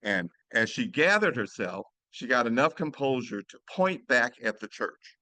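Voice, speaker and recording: A man's voice: mid-range voice, very animated, normal speed, bright, forceful tone, dry recording. A man, a Catholic priest, telling a story in an earnest, emphatic way with frequent restarts. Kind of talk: storytelling talk.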